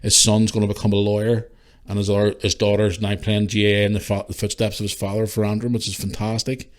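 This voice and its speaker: A middle-aged Northern Irish man talks through a heartfelt monologue on his podcast. His voice sits a bit low, and he sounds tearful and emotional. He stumbles and restarts his sentences often. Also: little pitch movement, fast. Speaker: podcast host.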